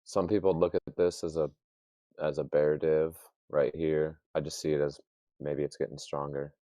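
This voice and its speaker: A man's voice: very deep voice, flat delivery, normal speed, mellow, no echo. A man talking trading charts in a loose, rambling casual chat. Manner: rambling, loose, uses hunting analogies. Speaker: trader.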